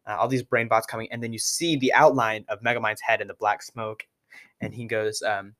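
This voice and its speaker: A man co-hosting a casual movie podcast, enthusiastically retelling scenes with quick asides. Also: lowish voice, fairly even intonation, bright, forceful tone. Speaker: podcast co-host. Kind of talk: casual movie-review chat.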